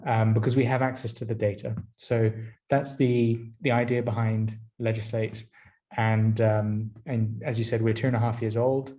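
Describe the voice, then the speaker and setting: A man from France, a company founder and guest on a podcast, explaining his business in a steady, explanatory way. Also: fairly low pitch, moderate pace. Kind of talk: interview answers.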